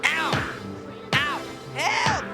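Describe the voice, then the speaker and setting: An actor playing a clumsy, cocky young male sidekick who yelps and flusters, in a TV clip over loud music. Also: very high-pitched, wildly swooping pitch, extremely slow, full character voice. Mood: panicked. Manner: yelping, flustered.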